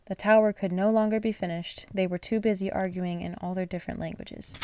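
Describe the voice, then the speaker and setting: A woman's voice: on the low side, fairly even intonation, fairly quick, no room sound. A woman reading a children's bedtime story aloud, sleepy and apologetic, stumbling over names and restarting lines. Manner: gentle, unpolished reading with restarts. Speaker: channel host reading aloud.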